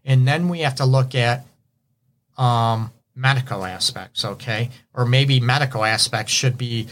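At a measured pace, an animated man with a mid-range, slightly bright voice hosts a relationship advice show. He's a Detroit-area couples counselor whose radio monologue stays conversational, peppered with "right?" and "you know."

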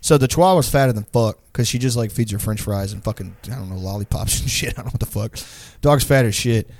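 A man's voice: mid-range voice, quick pace, dry recording. Profane, rambling young man. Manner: profane, rambling, animated storytelling. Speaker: storyteller in a group chat. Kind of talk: casual chat.

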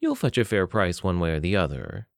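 A smug male captor, as a narrator reads him, scheming and mockingly polite, his words dripping with false courtesy. The voice is low and dry, close to the mic. It suits a dark storybook reading. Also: very animated, a little fast, creaky, no echo, full character voice.

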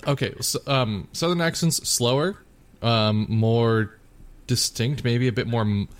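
A man's voice: mid-range voice, a little slow, a little hiss or hum. A man co-hosting a podcast, chatting casually and rambling with lots of filler words and teasing jokes. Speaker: podcast co-host. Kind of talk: casual chat.

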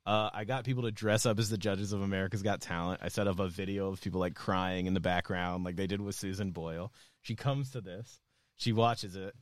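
A man, a comedian guest on a podcast, telling a comic anecdote casually and with lively energy, swearing freely. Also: low voice, fairly quick, no echo, clean studio sound.

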